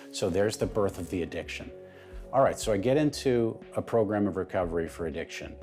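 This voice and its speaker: A man's voice: lowish voice, sing-song, normal speed, a little mellow, soft background music. A man speaking as an interview guest, telling a personal story in an emphatic way that builds in intensity.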